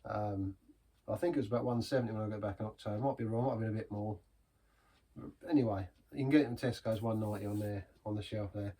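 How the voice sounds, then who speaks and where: A man's voice: lowish voice, fast, warm tone, slightly rough. A man giving a casual, rambling beer review in a pub, chatty and self-deprecating.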